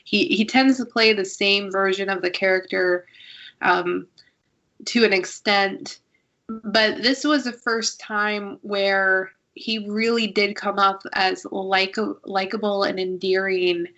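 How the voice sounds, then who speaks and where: A woman podcast host chats casually and opinionatedly about shows, talking a lot and restarting her sentences often. Her medium-pitched voice is slow, fairly even, and a bit bright, though the recording is muffled.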